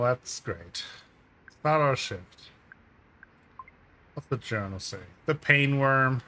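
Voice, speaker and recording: A man's voice: mid-range voice, bright, forceful tone, a little hiss or hum. A man giving casual gameplay commentary as a let's-play host, with dry, muttered asides. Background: game music.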